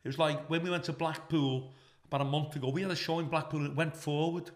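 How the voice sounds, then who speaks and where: A man's voice: a little high, fast talker. A middle-aged man with a Scouse accent, a comedian telling stories in casual chat and swearing freely. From Liverpool, England. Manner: swears freely, animated when quoting others. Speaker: guest comedian.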